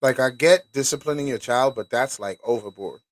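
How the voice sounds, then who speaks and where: A man's voice: medium pitch, normal speed, no echo. A man hosting a show, reading documents aloud and stopping to react with casual, profane commentary. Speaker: host.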